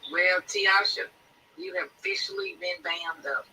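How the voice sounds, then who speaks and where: A woman's voice: mid-range voice, very animated, a little slow, gravelly, bright, forceful tone, slight background noise. A woman hosting a podcast, speaking fervently in a preacher-like way about the Spirit. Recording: tinny phone line, far from mic.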